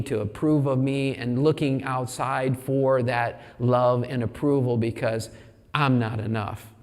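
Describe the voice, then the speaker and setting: A man's voice: medium pitch, a little mellow. A man giving a church talk, telling a candid, self-deprecating personal story and acting out his own panicked thoughts. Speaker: speaker at a church service. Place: church sanctuary. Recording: long hall reverb in a church.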